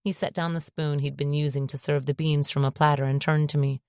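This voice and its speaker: A woman narrating a romance novel in the first person, with an expressive, emotionally engaged reading. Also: low voice, brisk, clean tone, no room sound, studio quality. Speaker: audiobook narrator.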